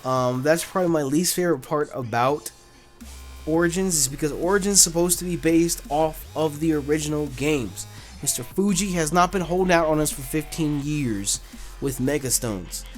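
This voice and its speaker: A man's voice: fairly high pitch, normal speed, faint music behind. A man hosting a casual gaming channel, answering viewer questions in a laid-back, blunt way with lots of fillers. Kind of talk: casual Q&A chat.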